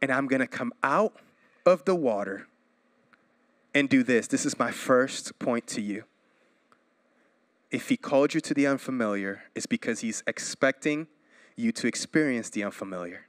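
A pastor in his thirties from Florida, preaching a sermon with energetic swings in pitch and volume and playful asides. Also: normal speed, long pauses, dry recording.

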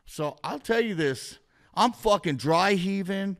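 A man telling a long story as a podcast guest, his voice sitting a touch higher than most men's. He swears constantly and rambles through a vivid play-by-play. His delivery is loose and conversational. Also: expressive, unhurried. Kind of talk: casual storytelling.

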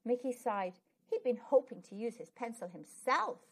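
Expressive woman reading a children's book. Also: a little high, normal speed, husky. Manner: expressive storytelling narration. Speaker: storytime channel host. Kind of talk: children's book read-aloud.

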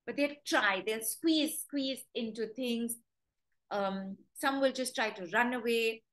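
A woman's voice: a little high, slow, a bit bright, rough recording. A woman dog trainer giving a webinar talk, telling stories and acting out what dogs would say. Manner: storytelling, acts out dogs' thoughts in quoted voices.

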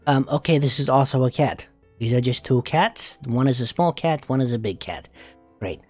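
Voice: mid-range voice, moderate pace, darkish tone, husky, faint music behind, close to an everyday voice. A voice actor playing a crude, flamboyant male spider demon in a comedic fan reaction, swearing, giggling and cooing. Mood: amused.

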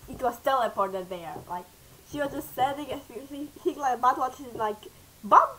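A woman's voice: high-pitched, animated, normal speed, slight background noise, poor audio. A woman reacting casually to a cartoon episode at home. She rambles and apologizes often, and she restarts her sentences a lot. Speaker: reaction video creator.

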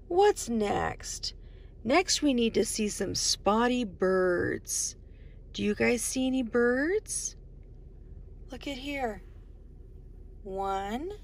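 A woman hosting a children's storytime, asking young viewers questions as she points out things on each page and sometimes drops to a whisper. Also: fairly high pitch. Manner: sing-song questions to kids, drops to whispers. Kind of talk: reading a picture book to young children.

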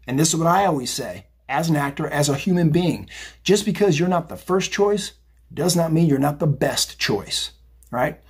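Chatty man, very husky voice. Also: a little high, normal speed. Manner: chatty, rambling, animated, says "right?" and "okay?" often. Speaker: psychic tarot reader. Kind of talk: casual tarot reading monologue.

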